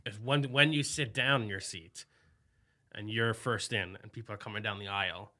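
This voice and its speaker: A man's voice: on the low side, normal speed, bright, forceful tone. A young man co-hosting a podcast, joking and laughing as he acts out silly scenarios. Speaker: podcast co-host. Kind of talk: casual podcast banter.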